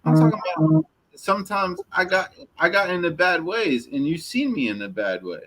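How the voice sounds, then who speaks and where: A man's voice: on the high side, lively intonation, normal speed, a bit bright, rough recording. Candid man who keeps restarting. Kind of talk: casual chat.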